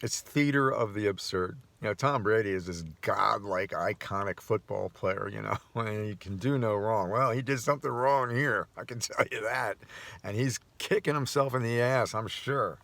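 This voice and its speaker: Male vlogger, lowish voice, loose rambling monologue with restarts and chuckles. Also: moderate pace, creaky, a bit bright, no echo. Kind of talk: casual personal monologue.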